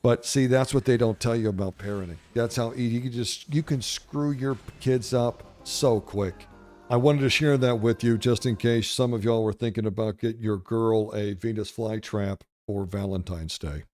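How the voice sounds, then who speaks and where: Brash, foul-mouthed man with a dark voice. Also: mid-range voice. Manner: profane, brash, jokey storytelling. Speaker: gaming channel host. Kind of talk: gameplay commentary with rambling stories.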